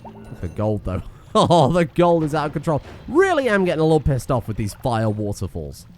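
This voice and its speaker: A man's voice: a little high, huge pitch swings, brisk, darkish tone, soft background music. A man giving casual let's-play commentary, rambling, self-mocking and swearing freely as he plays. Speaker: gaming streamer.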